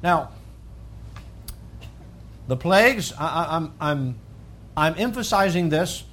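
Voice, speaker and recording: A man preaching a sermon, swinging from calm teaching to loud, fervent high-pitched emphasis. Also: takes it slowly.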